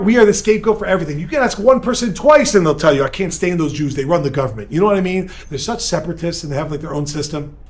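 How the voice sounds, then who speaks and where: A male rabbi giving an energetic, joking seminar talk and bantering with a live audience in a room. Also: sits high. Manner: energetic, joking, talks with the crowd.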